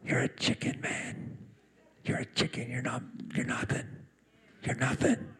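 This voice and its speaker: A pastor voicing the devil in a whispered role-play, a sneering male tempter who mocks and belittles in a low husky whisper. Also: monotone, unhurried, a bit bright. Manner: mocking, belittling taunts.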